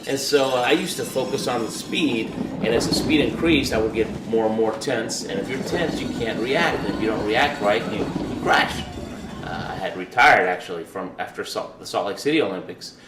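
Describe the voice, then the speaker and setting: A man's voice: lowish voice, normal speed, heavy background noise. A man in his thirties, an Olympic luge athlete, telling a personal story in a loose, conversational way with repeated words and fillers. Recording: roomy, distant mic with faint ambience.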